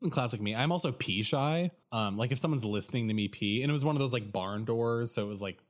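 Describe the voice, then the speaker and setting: A man's voice: mid-range voice, fast talker. A young American man telling a story on a podcast, laughing and apologizing often while he has the hiccups. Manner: giggly, apologetic, rambling. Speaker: podcast co-host. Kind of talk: casual storytelling chat.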